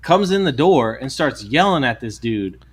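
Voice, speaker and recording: A man's voice: mid-range voice, normal speed, slightly rough. A man, co-hosting a casual podcast and telling a story with lots of swearing and acted-out voices. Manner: animated, swears a lot, acts out voices when retelling. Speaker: podcast co-host.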